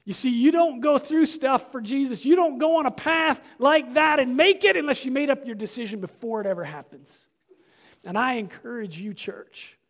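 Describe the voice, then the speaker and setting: A male pastor delivers a sermon with a strikingly high-pitched voice. He moves between quiet, hushed stretches and loud, shouted climaxes, telling the story with dramatic intensity.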